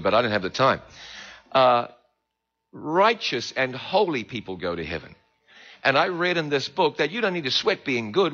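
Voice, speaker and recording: A man with a New Zealand accent, a preacher telling his conversion story in an animated storytelling manner. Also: mid-range voice, breathy edge. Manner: animated, swings between hushed and loud. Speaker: preacher giving his testimony. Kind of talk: sermon storytelling. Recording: dull lo-fi recording.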